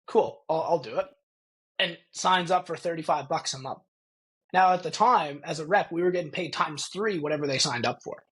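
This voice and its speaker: A young Canadian man with a Canadian accent, a podcast guest telling stories in a lively way and laughing often. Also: a little high, fairly quick, low-quality recording. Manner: animated storyteller, laughs often, acts out quoted voices. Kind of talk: casual storytelling.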